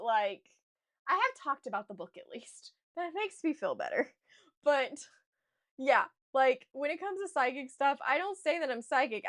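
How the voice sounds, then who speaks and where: A young woman author chatting casually to her stream viewers, telling an animated, gushing story with restarts. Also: sits high. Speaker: author streaming a writing session.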